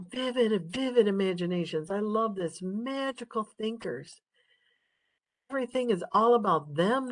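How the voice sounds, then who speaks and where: A woman's voice: lowish voice, no room sound. A middle-aged woman giving a casual nursing lecture, chatty and full of stories, laughing often. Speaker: nursing instructor.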